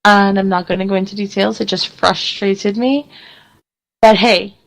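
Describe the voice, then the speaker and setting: A woman's voice: medium pitch, moderate pace, vocal fry, rough recording. A woman hosting a radio talk show, chatting casually and acting out little quoted scenes with frequent laughs. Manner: animated storyteller, acts out quotes, laughs often. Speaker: radio host.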